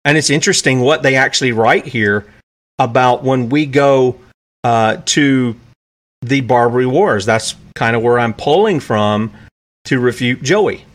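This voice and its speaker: A man's voice: medium pitch, a little slow. A man hosting a solo commentary show, talking emphatically with restarts and asides, reading passages aloud from documents. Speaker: podcast host.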